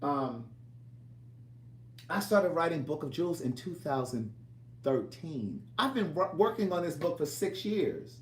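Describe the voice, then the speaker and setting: A man's voice: fairly high pitch, big pitch swings, a little slow, distant mic. Rambling storyteller man in an echoey room. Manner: rambling, repeats and restarts phrases. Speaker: author and vlogger. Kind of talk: casual storytelling to camera.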